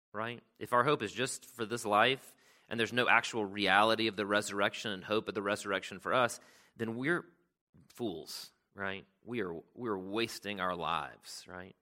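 Man preaching, lowish voice, bright sharp tone, chatty, reads verses with emphasis. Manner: conversational, keeps asking "right?"; reads scripture aloud with more emphasis. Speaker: pastor. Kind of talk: sermon.

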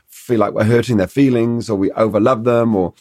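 A man's voice: on the low side, fairly quick, no room sound, studio quality. A middle-aged man, a dog trainer in a podcast conversation, explaining his ideas and acting out little quotes from dogs and owners. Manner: animated storyteller, acts out dog and owner quotes.

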